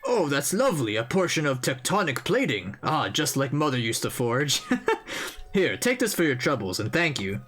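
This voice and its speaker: A man reading aloud the lines of an elderly male echidna historian from a game, in a mild, wistful, sentimental manner and a lively, swooping voice. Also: mid-range voice, moderate pace, husky, soft background music, pitched above the performer's own voice.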